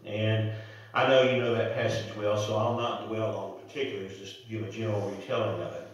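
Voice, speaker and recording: Pastor guy preaching, lowish voice, big echo, sounds far from the mic. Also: little pitch movement, fairly quick. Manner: storytelling, conversational. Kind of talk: sermon. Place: church sanctuary. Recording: echoey church, mic from far off.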